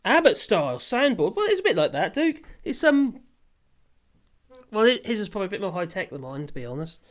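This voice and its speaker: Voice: medium pitch, big pitch swings, a little fast. A casual livestream host, who rambles, laughs often and swears freely while reading viewer comments. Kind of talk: casual live chat.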